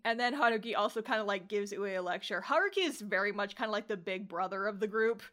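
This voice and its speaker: A young woman co-hosting a casual podcast, retelling scenes in an animated way, laughing often and acting out characters' lines. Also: mid-range voice, fast. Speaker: podcast co-host. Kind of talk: casual chat.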